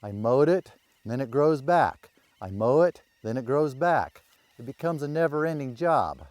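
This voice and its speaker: Middle-aged man, medium pitch, dry close sound, wry and self-mocking, casual explainer. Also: lively intonation, measured pace, darkish tone, no echo. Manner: wry, self-deprecating humor. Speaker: rural landowner and video creator.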